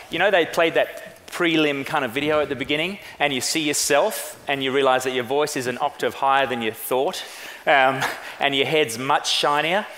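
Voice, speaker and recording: A man presenting a quiz on stage, relaxed and chatty with fillers. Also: on the high side, long reverb tail. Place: large conference hall.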